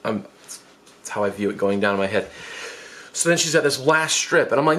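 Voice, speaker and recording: A man in his twenties telling a comic story from his life, animated and self-mocking, jumping into squeaky quoted voices. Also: brisk, pauses often. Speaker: vlogger.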